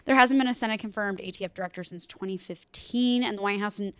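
A woman's voice: mid-range voice, fast, fairly bright tone, clear, resonant tone, dry recording. A young woman, co-hosting a casual news podcast with chatty, jokey asides. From United Kingdom. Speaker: podcast co-host.

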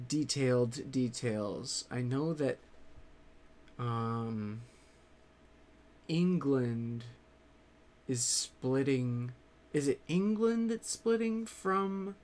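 A man talking loosely to his audience at an unhurried pace. He rambles and drops casual swears, stopping often on ums and restarts. His pitch sits in the middle range. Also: darkish tone. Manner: rambling, swears freely, halting with many fillers. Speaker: vlogger. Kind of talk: casual chat to viewers.

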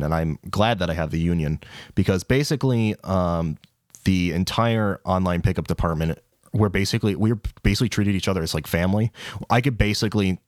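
With clean, echo-free studio sound, a young college student co-hosting a podcast rambles through a long, casual story. He swears, laughs, and his voice leaps high whenever he quotes someone.

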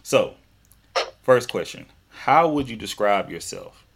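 A male podcast host with a Southern drawl and a lowish voice. He chats in a loose, rambling way, often restarting his sentences. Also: lively intonation, takes it slowly, creaky, a little hiss or hum. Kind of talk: casual interview chat.

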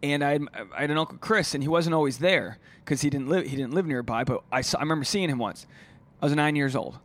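A man's voice: on the high side, quick pace. A man who is a stand-up comedian, talking alone on his podcast in a rambling, profane, casual way. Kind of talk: solo podcast monologue.

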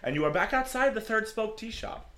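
A man's voice: high-pitched, expressive, a little fast, pushed and bright. A man narrating as game master of a tabletop role-playing game, often laughing as he talks.

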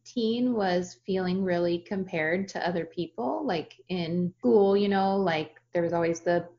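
Woman in her thirties, somewhat low voice, casual and reflective, dull lo-fi audio. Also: measured pace, warm tone. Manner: casual, reflective, uses many fillers. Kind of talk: podcast conversation.

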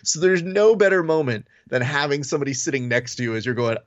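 A man co-hosting a podcast in casual chat, animated and acting out quotes. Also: a little fast, few pauses, no room sound, dull audio. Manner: animated, acts out quotes with falsetto and whispers. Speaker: podcast co-host.

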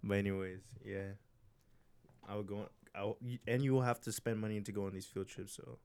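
A man's voice: fairly low pitch, fairly even intonation, brisk, a little mellow, clean tone. A young man in casual chat, laid-back and rambling.

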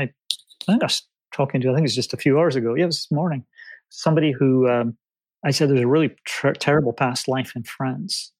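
Man as a chatty interview guest, gravelly tone, dry close sound, tells animated anecdotes. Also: mid-range voice, dry recording. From Scotland. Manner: animated storyteller, acts out clients' reactions. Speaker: guest, past-life reader. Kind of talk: casual interview chat.

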